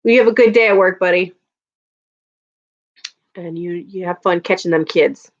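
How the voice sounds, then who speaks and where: A woman's voice: on the low side, moderate pace. A woman in her thirties chatting casually on a livestream, laughing often and answering viewers' comments. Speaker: livestream host. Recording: dull lo-fi audio.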